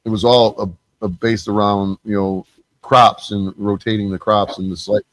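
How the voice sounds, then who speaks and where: A man with a fairly low voice joins a casual panel discussion and talks in halting, restarting phrases. The sound is dry and close, with no room around it. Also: flat delivery, dry recording, poor audio. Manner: hesitant, many fillers and restarts.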